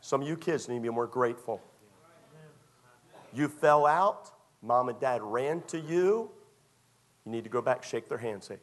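A man's voice: mid-range voice, measured pace, long pauses. Man preaching in a repetitive, storytelling style. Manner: repetitive, conversational, acts out scenes. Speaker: pastor. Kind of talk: storytelling sermon to young people. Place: church.

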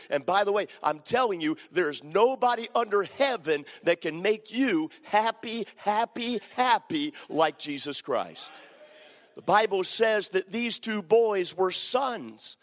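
A pastor preaching a sermon, building emphasis through repeated phrases. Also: male voice, high voice, a bit bright, in a large hall. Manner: emphatic, repetitive preaching cadence.

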